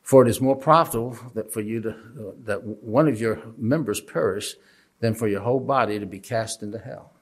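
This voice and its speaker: A man's voice: on the low side, fairly quick, slightly rough. A man giving a casual, conversational Bible lesson from a lectern, asking the audience questions and joking at his own expense. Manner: conversational, questioning, self-deprecating humor. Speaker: Bible teacher.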